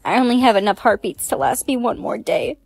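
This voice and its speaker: A text-to-speech woman's voice reading a storytime script, voicing every role with even synthetic delivery. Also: on the high side, brisk, vocal fry, slightly rough, faint music behind.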